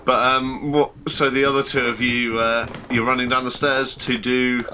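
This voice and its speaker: A man narrating as game master of a tabletop horror game, descriptive and halting with fillers. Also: mid-range voice, flat delivery, bright, forceful tone, slight background noise.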